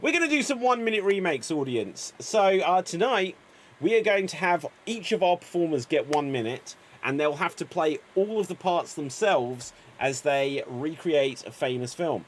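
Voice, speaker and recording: A man's voice: fairly high pitch, lively intonation, moderate pace, a little hiss or hum. A man hosting an improv game, upbeat and encouraging as he announces players. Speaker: improv show host.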